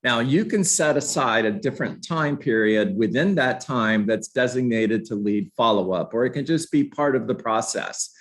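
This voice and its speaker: A man's voice: medium pitch, expressive, normal speed, hardly any pauses. A man coaching real estate agents in a live online class, talking energetically and conversationally and putting questions to his students. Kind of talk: live online training session.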